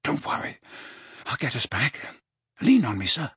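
A man voicing an anxious teenage boy wizard in an audiobook, panting and urgent, lifting his voice higher. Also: wildly swooping pitch, unhurried, fairly bright tone, slightly rough, no room sound, clean studio sound, exaggerated voice. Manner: urgent, breathless, raised in pitch. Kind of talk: audiobook character voice.

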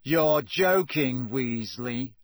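A man's voice: medium pitch, expressive, very slow, no room sound, studio quality. A man voicing a spiteful teenage schoolboy bully in a storybook reading, drawling and mocking. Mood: sneering.

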